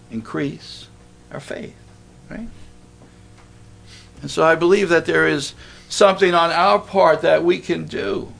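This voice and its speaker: Male preacher, slightly high gravelly voice, chatty sermon delivery with questions. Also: a bit bright. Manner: conversational, asks the congregation questions.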